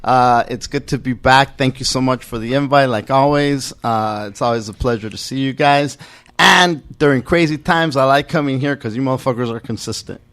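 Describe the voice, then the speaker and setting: A man's voice: mid-range voice, normal speed, a bit bright, smooth. Laughing, stumbling male comedian guest. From Wilmington, California. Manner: laughing, stumbling restarts, swears freely. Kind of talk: casual podcast chat. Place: podcast studio.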